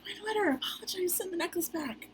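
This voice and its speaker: A woman reading the part of a panicky, sharp-tongued woman stranded on a glacier, in a frantic, snappish manner. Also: extremely high pitch, fast. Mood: hushed. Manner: frantic, snappish, swings to hushed. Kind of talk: amateur online script reading.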